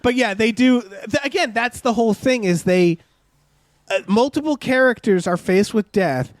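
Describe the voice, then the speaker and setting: A man with a high voice rants sarcastically while co-hosting a movie podcast. His tone is animated and exasperated, and the sound is dry and close with no room around it. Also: normal speed, no room sound. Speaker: podcast co-host. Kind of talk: casual movie commentary.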